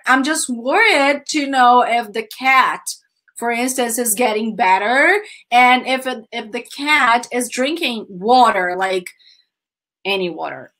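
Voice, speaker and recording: A woman's voice: a little high, lively intonation, takes it slowly, pushed and bright. A woman whose first language is Portuguese, teaching a live online English grammar lesson in a chatty, repetitive way and often calling her students "guys.".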